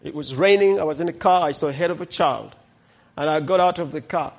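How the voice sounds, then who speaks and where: A middle-aged pastor tells stories from the pulpit in a fairly high voice. He talks with a lot of life and slips into the voices of the people in his stories. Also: a little fast, creaky. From Uganda. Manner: animated storyteller who acts out the people in his stories. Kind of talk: sermon testimony storytelling.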